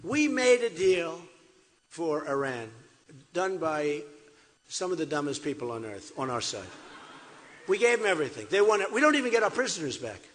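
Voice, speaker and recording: A man's voice: on the high side, sing-song, normal speed, fairly bright tone. An older man giving an off-the-cuff, repetitive campaign rally speech at a podium in a large hall. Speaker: political candidate. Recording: echoey hall.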